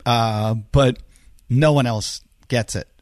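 A man's voice: medium pitch, slow, no room sound, clean studio sound. A middle-aged man hosting a casual podcast chat, telling stories with plenty of swearing. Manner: animated storytelling, swears freely. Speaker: podcast host.

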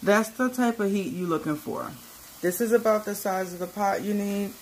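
A woman's voice: medium pitch, moderate pace, darkish tone, slight background noise, low-quality recording. A woman hosting her own cooking channel, with a playful, sassy manner, talking straight to viewers as she cooks in her home kitchen. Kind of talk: casual cooking demo.

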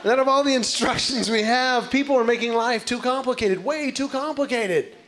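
A male stand-up comedian performing a routine, telling stories in an animated way with exaggerated outbursts. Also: extremely high pitch, moderate pace. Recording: live stage recording with background noise.

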